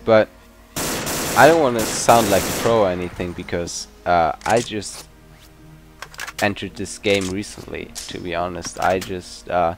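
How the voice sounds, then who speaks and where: Male let's-play host, non-native English, deliberate unhurried delivery, swears when excited; game music and gunfire underneath. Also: deep voice. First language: not English. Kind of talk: gameplay commentary.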